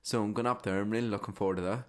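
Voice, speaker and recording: A young man, a podcast co-host, chatting casually, animated, swearing and laughing often. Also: on the low side, very fast. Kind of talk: casual chat.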